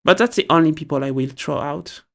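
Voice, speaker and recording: Gravelly male streamer. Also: fairly high pitch, brisk. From France. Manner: rambling, profane, self-interrupting. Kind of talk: casual live-stream chat.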